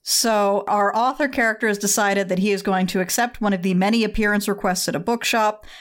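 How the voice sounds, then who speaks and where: A woman walks through a film's plot in casual podcast chat. She drops wry asides along the way. Her voice sits at a middle pitch. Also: fairly even intonation, brisk. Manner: wry asides while summarizing. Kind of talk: casual chat, movie recap.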